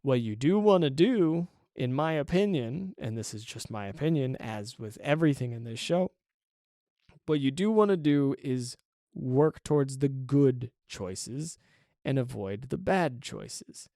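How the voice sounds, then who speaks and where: Excited rambling man, dry close sound. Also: medium pitch, unhurried, no room sound. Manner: excited, rambling, laughs often. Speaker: podcast host and hobby game developer. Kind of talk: casual solo podcast monologue.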